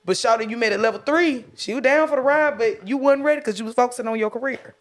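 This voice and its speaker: A woman's voice: a little high, fast. A woman co-hosting a podcast in candid, profane casual chat, laughing often. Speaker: podcast co-host. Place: podcast studio.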